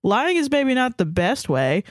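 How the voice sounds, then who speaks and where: A woman's voice: a little high, sing-song, unhurried, dry recording, studio quality. A woman co-hosting a podcast, telling blunt, profane stories in casual chat. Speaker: podcast co-host.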